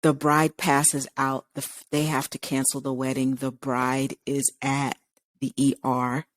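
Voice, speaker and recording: Her pitch is extremely low and she speaks a little slowly, with no echo in the radio studio. Co-hosting a talk show, she animatedly relates a long story and acts out people's lines.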